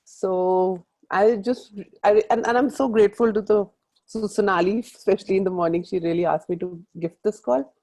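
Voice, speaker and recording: A woman's voice: medium pitch, fairly even intonation, normal speed, mellow, poor audio. A middle-aged woman with an Indian English accent, leading a motivational group call and urging her listeners in a rambling, earnest way.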